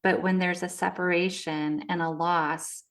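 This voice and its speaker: A woman guest on a podcast, speaking in a calm, thoughtful, measured way. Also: fairly low pitch. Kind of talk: conversational podcast interview.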